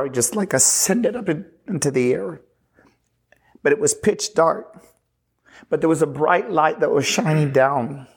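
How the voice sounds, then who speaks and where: A man's voice: fairly high pitch, gravelly, husky. Earnest man telling his testimony. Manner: earnest, halting, with frequent restarts and retold dialogue. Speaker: pastor. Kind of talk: personal testimony storytelling.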